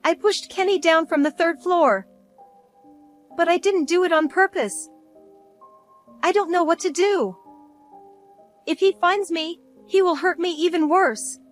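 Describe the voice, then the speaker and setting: Woman voicing a tearful young mother, pleading, very high voice, faint music. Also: a little slow, pauses often.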